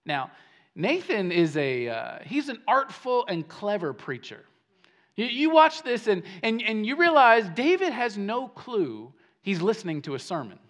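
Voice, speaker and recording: A man preaching a sermon as pastor, animated and emphatic, often repeating words as he starts a phrase. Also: sits high, unhurried. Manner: animated preaching, swings between hushed and emphatic.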